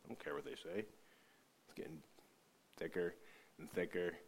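A man giving an emotional personal testimony about his faith, earnest and halting, often repeating words as he searches for them. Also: low voice, big pitch swings, gravelly, breathy edge. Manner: earnest, halting, repeats himself when moved. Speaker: speaker sharing a faith testimony.

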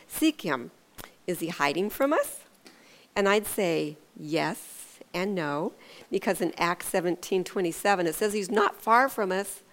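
An earnest woman sharing a devotional in a relaxed, chatty way, her voice sitting at an ordinary middle pitch. She stumbles and restarts now and then, then swings up and down in pitch when she tells a story. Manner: earnest and conversational, with hesitant restarts. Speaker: devotional speaker. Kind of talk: informal devotional sermon.

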